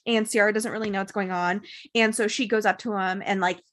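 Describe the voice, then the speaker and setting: A woman's voice: mid-range voice, fairly even intonation, brisk, a bit bright. A woman co-hosting a casual chat podcast, talking freely with frequent laughter and swearing. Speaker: podcast co-host.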